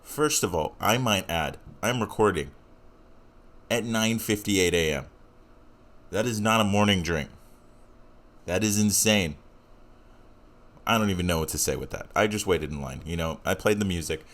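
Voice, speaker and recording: A man's voice: sits low, moderate pace, long pauses, a bit bright. A young man hosting his own podcast, talking casually in a rambling, self-deprecating way with lots of fillers. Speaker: podcast host. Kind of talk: casual solo podcast intro.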